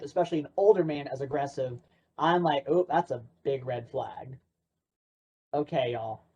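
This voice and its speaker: A man's voice: a little high, dark tone. A man presenting an interactive workshop in a playful, sarcastic way. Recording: dull lo-fi recording.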